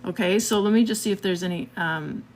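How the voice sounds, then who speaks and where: A woman's voice: medium pitch, fairly quick, slight background noise. A woman hosting a live marketing stream, talking casually and a bit scattered, laughing often and checking in with "okay?".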